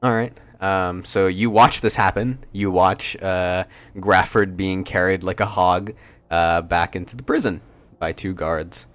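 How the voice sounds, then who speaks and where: A man narrating as game master, halting often with ums and uhs. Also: low-pitched, steady tone, fairly bright tone.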